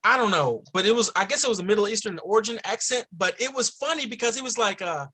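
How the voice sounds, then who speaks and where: A man's voice: sits high, animated, fast talker, pushed and bright, slightly rough. A man in casual chat, cracking crude, profane jokes and bantering loosely.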